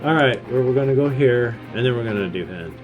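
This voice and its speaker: Heard with phone-quality sound and soft music behind him, a man in his fifties speaks quickly and expressively at a medium pitch. He gives rambling, sarcastic, self-deprecating gameplay commentary between read-out lines of game text.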